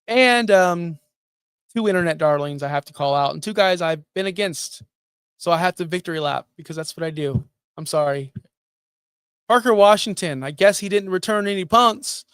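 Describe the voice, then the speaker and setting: A middle-aged man hosting a fantasy football show, talking in animated, sarcastic, jokey rants. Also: on the high side, no room sound. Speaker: fantasy football podcast host. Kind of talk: casual sports talk.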